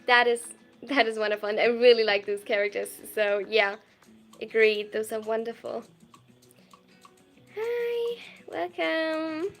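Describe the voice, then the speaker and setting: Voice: mid-range voice, expressive, a bit bright, soft background music. A young adult livestreamer with a German accent chatting casually, reading viewer messages aloud and gushing thanks with lots of laughter. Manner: bubbly and effusive, quick to gush thanks and laugh.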